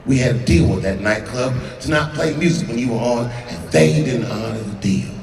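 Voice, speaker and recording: A man's voice: mid-range voice, lively intonation, moderate pace, darkish tone, distant mic, a little hiss or hum, pitched below the performer's own voice, lightly acted. A man voicing a big, blunt male producer who talks in a curt, dismissive way, heard live through a roomy outdoor amphitheater with a crowd. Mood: gruff.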